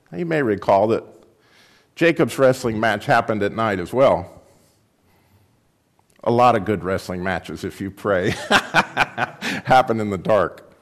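A pastor giving a sermon, reading a story aloud with reflective, storytelling delivery. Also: male voice, fairly low pitch, expressive, slow pace, pauses often.

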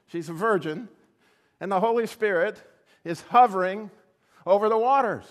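Man, preacher, sermon, slightly high voice, animated, rhetorical questions. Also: moderate pace. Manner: animated, rising to excited exclamations; asks the audience rhetorical questions.

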